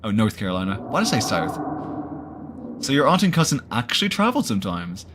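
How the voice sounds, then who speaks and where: A man's voice: on the low side, very animated, fast, a bit bright, a little hiss or hum. A man streaming a horror visual novel, reading the narration aloud and adding jokey asides.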